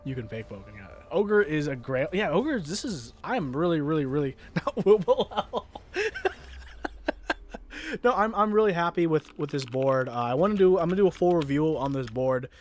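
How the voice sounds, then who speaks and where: A man's voice: on the high side, lively intonation, moderate pace, a little mellow. An American man chatting casually on a livestream, often restarting his sentences and answering chat. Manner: rambling, many restarts, reads chat aloud. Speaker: streamer. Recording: faint music in background.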